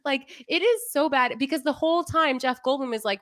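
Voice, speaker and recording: A young adult woman co-hosting a podcast in casual chat, animated and often laughing, mock-exasperated as she rants. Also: high voice, brisk, few pauses, no echo, clean studio sound. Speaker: podcast co-host.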